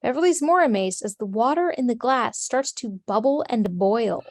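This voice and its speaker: A woman narrating the stage directions of a script in a steady, matter-of-fact way. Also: on the high side, moderate pace, dry recording, studio quality.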